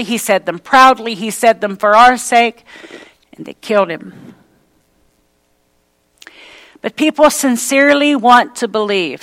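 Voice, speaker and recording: A woman preaching in a slightly high voice. She speaks slowly and deliberately, repeats her phrases for emphasis, and mixes scripture with homely stories from daily life. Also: low-quality recording. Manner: slow, emphatic preaching with repetition and folksy asides. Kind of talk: sermon.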